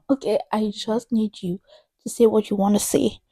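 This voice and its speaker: A woman's voice: mid-range voice, steady tone, moderate pace, warm tone, slightly rough, no echo. A woman in her thirties chatting in a book vlog, emphatic and exasperated, repeating herself for effect. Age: 30s. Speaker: book vlogger.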